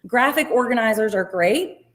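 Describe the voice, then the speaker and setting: A woman, a special education teacher giving a casual workshop talk in a chatty, self-deprecating way with quick muttered asides. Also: a little high, lively intonation. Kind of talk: informal presentation.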